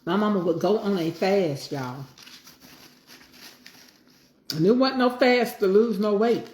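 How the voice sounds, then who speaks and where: A mellow, mid-range woman's voice at a moderate pace belongs to a middle-aged home cooking vlogger eating and chatting casually. Reverb fills the recording, and she offers folksy little lectures along the way.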